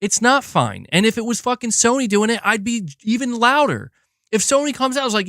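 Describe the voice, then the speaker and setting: A man's voice: extremely high pitch, very animated, a little fast, fairly bright tone, no echo, clean studio sound. A man live-streaming in casual chat, rambling and swearing with many restarts. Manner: profane, frustrated, rambling with restarts.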